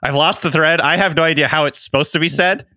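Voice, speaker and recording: A man co-hosting a sports podcast in a playful, teasing way, quick to laugh. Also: on the high side, fairly even intonation, bright, forceful tone, dry recording, clean studio sound. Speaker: podcast co-host. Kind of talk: casual sports podcast banter.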